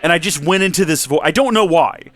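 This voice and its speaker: Hosting a Minecraft let's play, a man slips into a teasing fake-presenter voice and keeps tripping over his own self-corrections. He speaks a little high and a little fast, with a somewhat bright tone and a dry, roomless sound.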